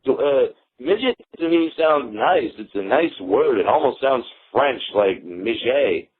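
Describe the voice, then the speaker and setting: A man's voice: mid-range voice, lively intonation, unhurried, husky. A man being interviewed as a guest comedian, telling jokey stories and laughing at them. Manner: joking, laughs at his own stories. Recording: tinny phone-like radio audio.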